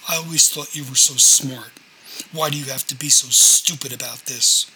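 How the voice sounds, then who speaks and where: A man's voice: mid-range voice, moderate pace, bright, forceful tone, slight background noise, rough recording. A man reading aloud voices a nagging older mother who scolds and guilt-trips her grown son. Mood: reproachful. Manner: scolding, reproachful.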